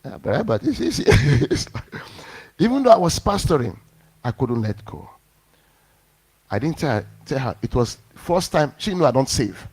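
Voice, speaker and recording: A male pastor preaching at a middle pitch, telling his own story in a sermon. He talks with animation and acts out what others said to him. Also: normal speed, breathy edge. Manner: animated storyteller acting out quotes.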